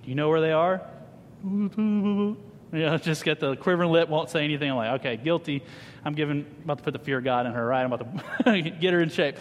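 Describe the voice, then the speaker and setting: Animated preacher in a reverberant hall. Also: male voice, fairly high pitch, fairly quick, a little hiss or hum. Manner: animated, humorous storyteller addressing a congregation. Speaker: pastor. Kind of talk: sermon with personal storytelling. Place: church hall.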